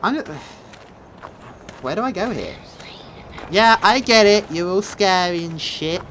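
A man's voice: high voice, measured pace, a little hiss or hum, low-quality recording. A young man giving jumpy, joking commentary over a horror game, swearing and yelping when startled. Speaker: gaming video host. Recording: game music loud behind voice.

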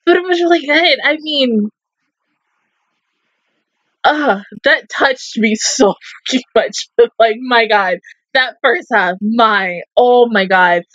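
A woman's voice: a little high, slow, long pauses, a bit bright, no room sound, highs cut off. A young woman reviewing an anime in an emotional, casual reaction, swearing often and breaking into laughs while holding back tears. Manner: emotional, swears a lot, laughs between words. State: tearful at times.

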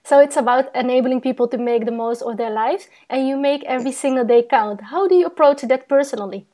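Woman host w a high voice, asks her questions calm and measured. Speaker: interview host. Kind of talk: interview questions.

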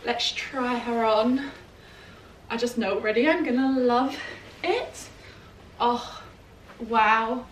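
A woman's voice: on the high side, takes it slowly, pauses often. A young British woman chatting casually and gushingly through a clothing try-on at home, full of "like" and enthusiasm. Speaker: fashion vlogger. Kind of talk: casual try-on haul chat. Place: at home in her flat. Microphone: camera mic set a little way off. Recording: roomy echo, distant mic, faint room hum.

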